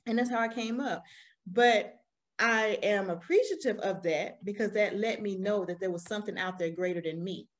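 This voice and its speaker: Animated Southern woman in her forties. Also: medium pitch, normal speed. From Alabama, US. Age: 40s. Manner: animated storytelling, laughs often. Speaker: guest. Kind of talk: conversational interview.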